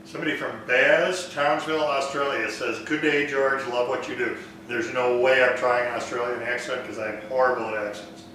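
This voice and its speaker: Man, woodshop host, relaxed Q&A, far mic, big room echo. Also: mid-range voice, normal speed, few pauses, slight background noise. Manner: relaxed, thinks aloud with fillers. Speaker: woodworking live stream host. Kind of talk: casual live Q&A, reading viewer comments. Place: woodworking shop.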